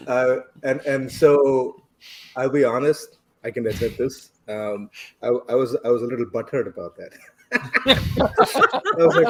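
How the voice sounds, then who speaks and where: A man's voice: mid-range voice, expressive, normal speed, slightly rough. A man from India, reflectively telling a personal story as a podcast guest and chuckling along the way. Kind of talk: casual storytelling.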